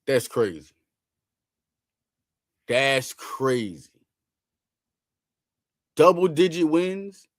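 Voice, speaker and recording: Male sports host, casual slangy riffing, hammers his points home, a bit high-voiced, dry sound. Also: lively intonation, drawn-out words, long pauses, dry recording. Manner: emphatic, repeats lines for effect; loose slangy talk.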